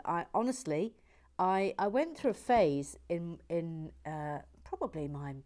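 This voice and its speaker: Slow, soft-spoken woman, chatty. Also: on the low side. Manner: soft-spoken and chatty, often dropping to a near whisper; playful, gently silly asides. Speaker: host of a relaxing build channel. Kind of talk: slow, relaxed build commentary reading out viewer comments.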